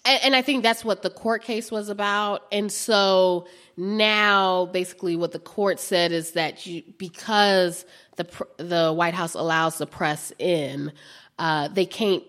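A woman's voice: on the low side, fairly bright tone. A woman White House reporter answering interview questions in a chatty way, with many restarts and fillers.

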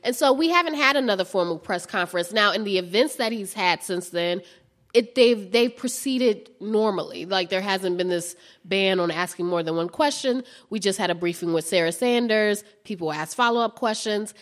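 A woman's voice: medium pitch, moderate pace. Chatty woman reporter with many restarts. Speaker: White House reporter. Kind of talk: interview answers.

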